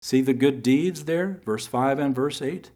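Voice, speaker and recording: A man's voice: medium pitch, darkish tone. Earnest male Bible teacher. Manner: earnest, repeats key phrases for emphasis, reads scripture slowly. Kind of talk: sermon teaching.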